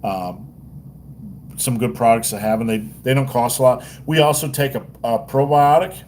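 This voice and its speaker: A man's voice: mid-range voice, normal speed, darkish tone, a little hiss or hum. A man hosting a casual livestream, rambling and joking with crude language. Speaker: livestream host.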